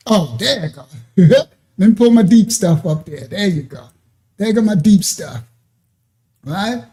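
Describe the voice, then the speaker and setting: A man's voice: high-pitched, animated, measured pace, warm tone. A man hosting a ministry livestream, talking loosely while sharing his screen and then preaching in a repetitive, exhorting way. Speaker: ministry host.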